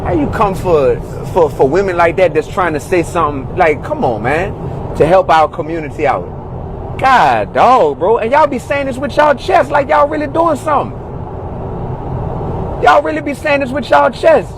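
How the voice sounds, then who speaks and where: Brief: exasperated male ranter in a car, high voice that swings widely, repetitive and heated. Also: expressive, moderate pace, background noise. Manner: exasperated, repeats "God, dog, bro". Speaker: commentator in a social media video. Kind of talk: heated rant.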